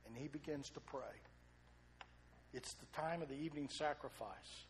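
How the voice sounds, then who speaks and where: A man preaching a sermon, retelling a story with lively repetition and questions to the congregation. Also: fairly high pitch, moderate pace, a little hiss or hum.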